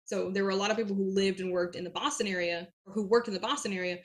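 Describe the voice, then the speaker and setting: A chatty young woman from New Hampshire is a guest in a casual interview. She rambles through her stories with plenty of fillers and quick laughs. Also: medium pitch, fairly even intonation. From southern New Hampshire.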